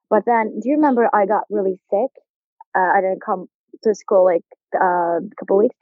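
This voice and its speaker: Over a tinny, dry, phone-like line with no echo, a young adult Turkish woman with a Turkish accent and a mid-range voice tells a story as a podcast guest. In this casual interview she's animated, laughs often, and acts out the voices of the people she quotes.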